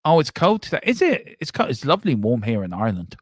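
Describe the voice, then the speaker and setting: A man co-hosting a football watchalong, calling the play excitedly, joking and swearing at big moments. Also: mid-range voice, fast, dry recording, clean studio sound. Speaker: watchalong co-host. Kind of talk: excitable live match commentary.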